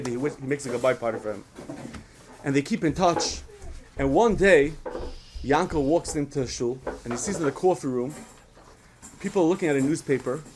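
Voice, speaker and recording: A man with a medium-pitched voice leads an animated storytelling lesson for children at a kids' program, pausing to quiz his audience. There's slight background noise.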